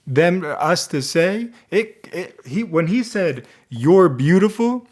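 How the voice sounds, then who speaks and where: A man vlogging a casual movie review, rambling and animated, with a lot of restarts. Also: fairly high pitch, slow. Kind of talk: casual one-take commentary.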